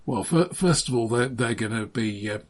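A man narrating as game master of a tabletop game, in a relaxed, halting way with frequent restarts. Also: mid-range voice.

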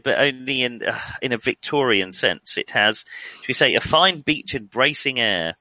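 A man's voice: medium pitch, expressive, moderate pace, sharp tone, dry recording, rough recording. A man narrating a tabletop role-playing game as game master, wordy and hesitant, with dry humor.

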